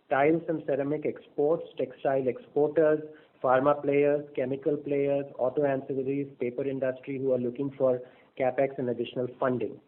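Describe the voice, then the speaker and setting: Man on a tinny conference line. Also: mid-range voice. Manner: measured, with frequent fillers and restarts. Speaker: bank executive on an earnings call. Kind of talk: business presentation on a conference call. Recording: phone-line audio.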